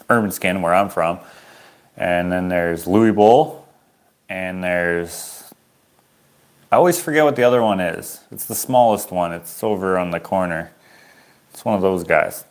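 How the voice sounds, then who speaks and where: A rambling, easygoing man from Canada talks to his viewers in a relaxed livestream chat. His voice sits on the low side, and he chuckles at himself as he goes. He is an artist selling his prints.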